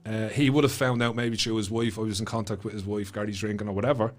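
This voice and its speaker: A man's voice: lowish voice, fairly even intonation, fast talker, soft background music. Passionate Irish man telling stories. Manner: passionate, swears freely, repeats words when emotional. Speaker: podcast guest, author. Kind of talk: casual storytelling chat.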